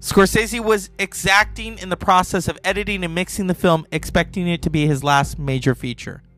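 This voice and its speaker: A man's voice: high voice, steady tone, fairly quick, sharp tone, faint music behind. A male podcast host giving casual film commentary in a rambling, chatty way.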